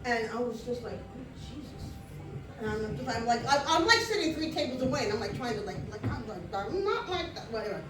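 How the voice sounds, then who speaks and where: A woman tells a comic story on a live stage, animated and full of restarts. Her voice sits high for a woman. The sound is roomy and caught from a distance, with faint noise behind it. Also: fast, hardly any pauses, music in the background. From Brooklyn, New York. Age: 40s.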